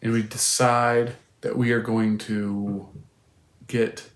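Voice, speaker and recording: A man's voice: on the low side, little pitch movement, takes it slowly. Earnest man reflecting on faith. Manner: earnest, rambling with restarts. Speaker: podcast co-host. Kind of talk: faith reflection, casual storytelling. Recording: roomy echo.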